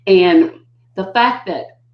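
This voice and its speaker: An older woman, a guest educator, telling stories conversationally and acting out what people said with big jumps in her voice. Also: takes it slowly. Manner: animated, acts out quotes with big pitch jumps. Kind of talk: conversational storytelling. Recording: dull lo-fi audio in a roomy space.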